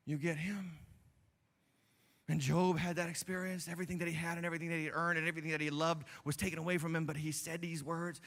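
A man preaching a sermon as pastor, moving between quiet, hushed asides and loud, emphatic preaching. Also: fairly high pitch, little pitch movement, fast talker. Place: church sanctuary. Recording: church hall with long reverb.

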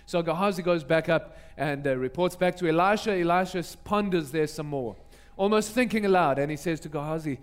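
A man's voice: a little high, brisk, clean tone. A male pastor retelling a Bible story in a sermon, vividly narrating and acting out the characters.

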